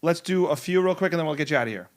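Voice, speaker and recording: A young man from New Jersey hosting a casual interview, upbeat and reacting quickly to his guest. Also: on the high side, lively intonation. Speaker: podcast host.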